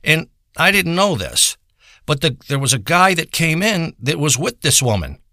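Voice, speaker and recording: A man's voice: on the high side, sing-song, normal speed, sharp tone, no echo, studio quality. A man delivering a crude, profane comedic monologue in a boastful rant. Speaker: comedic performer.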